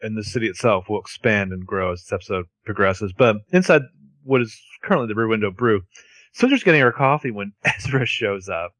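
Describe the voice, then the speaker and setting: A man's voice: fairly low pitch, animated, a little fast, fairly bright tone, dry recording. A man co-hosting a podcast, chatting casually and animatedly as he recaps a TV episode, often restarting his sentences. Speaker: podcast co-host.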